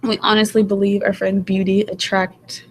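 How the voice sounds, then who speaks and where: Woman co-host, gravelly, relaxed interjections, faint noise in the background. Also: mid-range voice, moderate pace. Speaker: podcast co-host. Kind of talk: casual chat.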